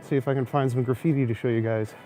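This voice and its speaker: With soft music in the background, a young livestream host from Canada walks snowy city streets at night, chatting casually and answering viewer comments into a handheld phone camera. He talks fast in a steady, mellow mid-range voice.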